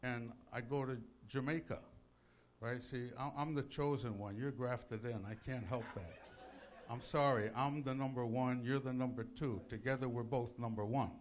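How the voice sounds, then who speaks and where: A man preaching with jokes to a congregation, hoarse from bronchitis, playful and bursting into loud exclamations. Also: mid-range voice, fairly even intonation, normal speed. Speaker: pastor. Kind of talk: sermon with jokes. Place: church before a congregation.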